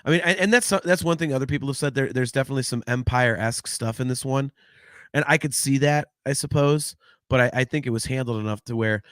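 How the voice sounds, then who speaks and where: A man hosting a casual podcast chat, animated and rambling, swearing freely into a close microphone. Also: medium pitch, fast, no echo. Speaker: podcast host.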